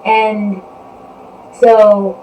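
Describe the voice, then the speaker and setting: Speaking extremely slowly in a level, medium-pitched voice, a female podcast host rambles through a casual story and says "you know" over and over. The indoor live-stream recording sounds muffled and echoey, with faint noise and distance from the mic.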